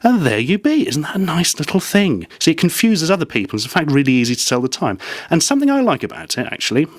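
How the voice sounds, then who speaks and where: A man's voice: a little high, very animated, fast, dry recording. Dry-humoured man reviewing gadgets. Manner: dry, self-mocking asides. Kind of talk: casual gadget review vlog.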